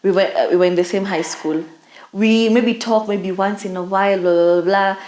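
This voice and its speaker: A woman's voice: mid-range voice, fairly even intonation, moderate pace, a little mellow. A young Kenyan woman co-hosting a podcast, telling a story in casual chat with Swahili slang. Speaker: podcast co-host. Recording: echoey room.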